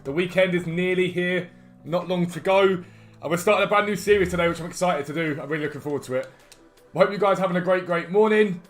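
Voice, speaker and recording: A man's voice: high-pitched, quick pace, faint music behind. A man chatting live on a game stream, upbeat and greeting viewers one by one. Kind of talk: live stream chat over gameplay.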